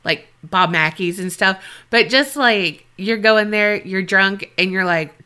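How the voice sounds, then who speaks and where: A woman podcast co-host chatting casually, animated and full of fillers. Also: medium pitch, a little slow, few pauses, clean tone. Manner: animated, lots of fillers and impressions. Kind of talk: casual chat.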